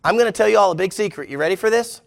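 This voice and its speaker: A man's voice: high-pitched, very fast, vocal fry. A pastor preaching a sermon to his church, emphatic and full of rhetorical questions.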